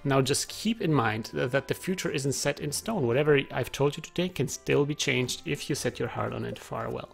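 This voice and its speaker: A man voicing a mystical female fortune teller in a put-on accent, reading the future slowly and solemnly. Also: medium pitch, creaky, slightly rough, soft background music. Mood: mysterious.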